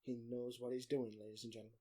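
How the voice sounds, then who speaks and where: A man co-hosting a casual podcast, throwing out crude, deadpan quips. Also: medium pitch, fast talker. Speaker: podcast co-host.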